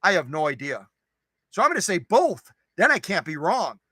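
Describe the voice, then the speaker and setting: A high-pitched man with a bright, sharp voice hosts a relaxed live stream, greeting viewers one by one. He is playful and goofy and loves wordplay and repetition. His voice sounds dry and close, with no room echo. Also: moderate pace, husky. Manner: playful and goofy, jokes and repeats phrases.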